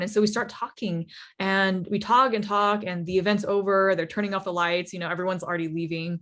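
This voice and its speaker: A young woman telling her founder story in a lively, casual talk, full of fillers and laughs. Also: fairly low pitch, a little fast. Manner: animated, laughs often, many fillers like "you know" and "like". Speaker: startup founder speaker.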